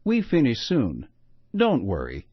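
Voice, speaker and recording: A man reading aloud voices a friendly immigrant mother who speaks simple, halting English. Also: mid-range voice, huge pitch swings, husky, no room sound, full character voice. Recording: muffled lo-fi recording.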